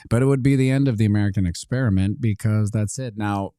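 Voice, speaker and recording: A man with a low, mellow voice delivers a sarcastic casual commentary monologue. He slips into quick mock dialogues, jumping up in pitch to play both sides. The sound is dry and close, with little room. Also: clean tone, no room sound. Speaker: host.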